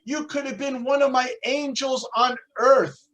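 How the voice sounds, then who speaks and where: God, an excited and kindly male deity, speaks in an unhurried, raised, eager voice, as a teacher puts him on. He questions at length and with warmth, pitched a bit higher than the storyteller's own voice. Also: full character voice. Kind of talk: storytelling in a religious class.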